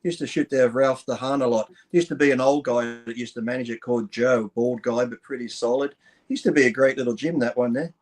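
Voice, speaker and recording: A middle-aged man telling profane, animated stories as a guest in a casual podcast chat. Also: medium pitch, brisk.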